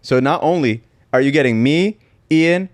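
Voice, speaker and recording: A man's voice: fairly high pitch, normal speed. A man co-hosting a podcast, chatting in a teasing, mock-dramatic way. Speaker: podcast co-host. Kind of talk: casual comedic chat.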